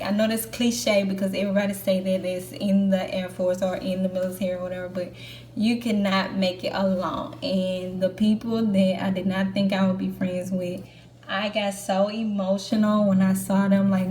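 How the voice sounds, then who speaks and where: A young woman vlogging as an Air Force trainee chats to camera casually and candidly, using lots of fillers. Her voice is medium-pitched and warm, recorded in an echoey room with a faint background hum.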